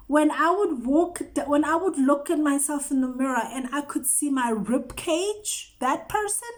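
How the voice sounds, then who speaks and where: A woman's voice: high-pitched, expressive, unhurried, few pauses. A woman hosting a show, giving an earnest personal testimony and repeating phrases for emphasis. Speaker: host.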